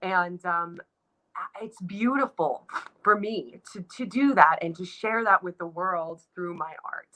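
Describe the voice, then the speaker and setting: A woman in her thirties speaks in a bright, clear voice. She talks casually and reflectively about her dancing life, full of fillers and self-corrections. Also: fairly low pitch, a little slow, low-quality recording. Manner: reflective, gets emotional, many restarts and likes. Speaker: guest, Broadway dancer. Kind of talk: casual interview chat.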